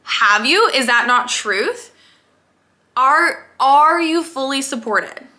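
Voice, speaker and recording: A young woman giving an energetic, emphatic motivational talk as a life coach, repeating phrases for stress. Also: sits high, slow pace.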